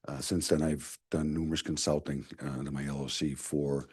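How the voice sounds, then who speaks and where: Older Boston-accented man, very low husky voice, mumbles through public comment with many fillers. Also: level tone, a little mellow. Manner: mumbling, halting with frequent uh fillers. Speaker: security consultant at public comment. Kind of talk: public comment at a town meeting.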